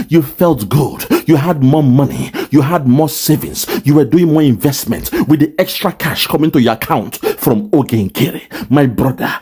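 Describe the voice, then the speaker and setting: Male commentator, preachy and scolding, slightly high, warm tone. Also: slightly rough. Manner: preachy, repetitive, scolding, with mocking laughs. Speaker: online political commentator. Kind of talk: impassioned monologue addressing a rival.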